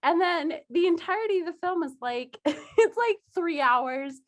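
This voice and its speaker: A young woman co-hosting a podcast, telling stories in an animated way and acting out the people she quotes, with frequent laughter. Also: extremely high pitch, normal speed. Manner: animated storytelling, acts out quoted voices, laughs often. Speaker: podcast co-host. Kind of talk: casual chat.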